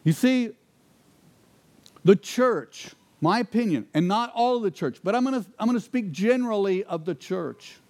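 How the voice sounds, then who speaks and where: A man preaching a sermon, asking rhetorical questions and dropping to quiet intensity for emphasis. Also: sits high, expressive, moderate pace. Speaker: pastor.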